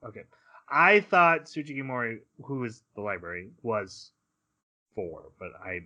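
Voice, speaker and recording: A man's voice: mid-range voice, sing-song, a little slow, pushed and bright. A man co-hosting a podcast, recapping episodes in casual chat and acting out characters' lines as he goes. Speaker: podcast co-host.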